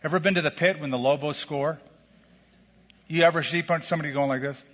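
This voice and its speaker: A man's voice: fairly high pitch, a little fast, noisy background. Man preaching in a reverberant hall. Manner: animated, conversational preaching with rhetorical questions. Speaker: pastor. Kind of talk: sermon. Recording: lo-fi sermon recording with long hall reverb.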